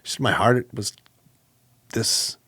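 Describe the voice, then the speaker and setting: A man co-hosting a podcast, telling a personal story in a casual, animated way with lots of fillers. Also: unhurried, slightly rough, dry recording. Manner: animated, acts out quoted exchanges with jumps in pitch; conversational, with many fillers and restarts. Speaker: podcast co-host.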